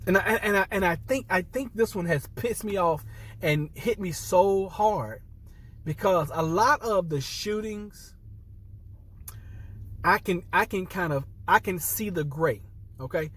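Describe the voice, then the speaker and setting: Husky-voiced man, upset and earnest. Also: high-pitched, a little slow, fairly bright tone, recorded from a distance. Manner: earnest, emphatic, repeats and restarts phrases, addresses viewers as y'all. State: upset and near tears. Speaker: military veteran vlogger. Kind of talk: impassioned personal commentary to camera.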